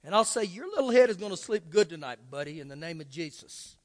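A man preaching from the pulpit in a high, bright-edged voice, emphatic one moment and conversational the next. He slips into quoted prayers and imagined questions from his listeners. His words ring out with a long reverb through a church sanctuary. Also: lively intonation, fast talker. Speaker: pastor. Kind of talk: sermon.

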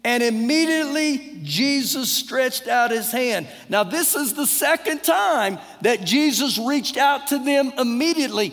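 A man's voice: very high voice, lively intonation, measured pace, hardly any pauses, a bit bright. A man with a Texan accent, a pastor preaching an earnest, conversational sermon with repeated phrases. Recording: long church-hall reverb.

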